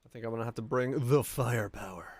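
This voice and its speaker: A man streaming a video game, reading viewer messages and chatting casually in a relaxed, rambling way. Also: medium pitch, fast. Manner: relaxed, rambling, reads chat aloud. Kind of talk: casual chat while playing.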